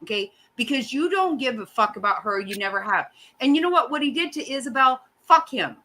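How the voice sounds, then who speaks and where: A woman's voice: high voice, animated, a little fast, pushed and bright, poor audio. A middle-aged woman hosting a casual chat, ranting bluntly and swearing often. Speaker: host.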